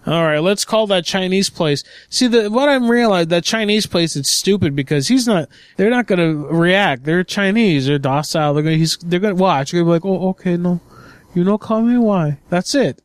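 A man's voice: sits high, lively intonation, a little fast, hardly any pauses, clear, resonant tone, no echo. A man making crude, bossy prank phone calls as a radio show host.

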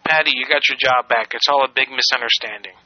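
A man's voice: medium pitch, quick pace. A male radio host who makes prank calls and mocks the person on the line. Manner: mocking, teasing caller. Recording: dull lo-fi radio audio, faint hiss.

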